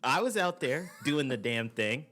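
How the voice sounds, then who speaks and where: A man's voice: medium pitch, animated, unhurried, fairly bright tone. A young man in his twenties, co-hosting a podcast in casual, profane, laughing banter. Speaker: podcast co-host.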